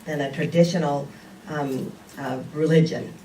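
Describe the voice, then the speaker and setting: A woman's voice: low voice, fairly even intonation, a little slow, dark tone, a little hiss or hum. Older woman preaching in a roomy hall. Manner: conversational, many "you know"s. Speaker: speaker. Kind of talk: sermon. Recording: roomy, distant with faint background ambience.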